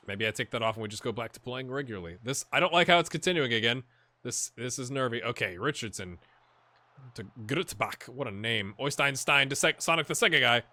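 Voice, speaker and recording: A man hosting a gaming video, chatting and reacting excitedly as he plays a football management game. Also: medium pitch, no room sound. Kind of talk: live commentary while playing a football management game.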